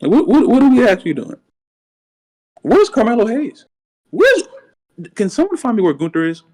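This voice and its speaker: A man co-hosting a podcast in casual wrestling chat. He has a slight lisp and rambles excitedly, repeating words when worked up. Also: very high voice, normal speed, poor audio. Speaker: podcast co-host.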